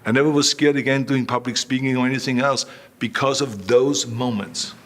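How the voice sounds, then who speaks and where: A man's voice: medium pitch, steady tone, normal speed, fairly bright tone. A man telling stories emphatically in an interview, repeating phrases. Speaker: guest. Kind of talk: storytelling interview.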